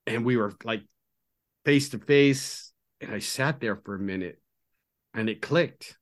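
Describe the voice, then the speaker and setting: A middle-aged man, a podcast guest and recovery coach, telling his story in an earnest, confiding way that often sinks to a low murmur. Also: measured pace. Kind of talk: candid storytelling interview.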